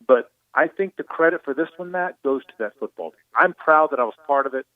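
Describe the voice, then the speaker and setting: A man's voice: on the high side, expressive, fairly quick, no room sound. A middle-aged man from Jacksonville, a sports broadcaster talking earnestly and with emotion, repeating words as he goes, calling in by phone. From Jacksonville, Florida. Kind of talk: reflective on-air talk. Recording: tinny phone line, dry.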